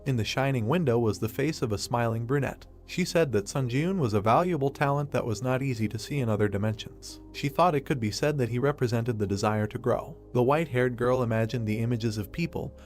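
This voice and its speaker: Man, scripted story narration, mid-pitched voice, steady reading, soft music underneath. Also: fairly quick, few pauses. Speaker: recap narrator.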